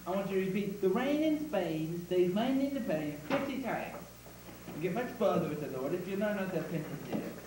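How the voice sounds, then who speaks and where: A man playing a bossy, pompous phonetics professor. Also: on the high side. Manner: lecturing, bossy, impatient. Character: pompous middle-aged male phonetics professor, impatient. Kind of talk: stage musical performance. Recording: echoey hall from far off, noisy.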